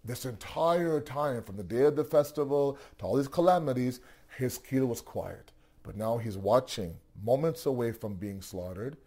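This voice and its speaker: A man telling a religious story in a sermon, animated, asking rhetorical questions and often restarting his sentences. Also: medium pitch, normal speed. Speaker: religious teacher.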